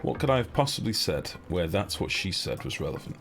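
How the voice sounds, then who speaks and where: A low-pitched man talks his way through a building game on a live stream, joking around and replying to viewers' chat between moves. Game music plays clearly underneath his voice. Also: big pitch swings, fairly quick, a bit bright. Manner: chatty, joking, reads out and answers viewer chat. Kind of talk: casual live gameplay commentary. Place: home streaming setup.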